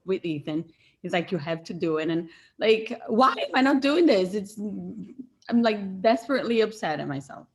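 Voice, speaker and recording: Upset female participant near tears, speaking in emotional, rambling bursts. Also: medium pitch. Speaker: participant on a coaching call. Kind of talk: sharing feelings on a group call.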